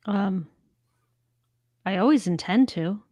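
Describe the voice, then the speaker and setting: A woman's voice: medium pitch, takes it slowly, dark tone, no echo, clean studio sound. A woman co-hosting a casual podcast, wry and self-deprecating. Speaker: podcast co-host.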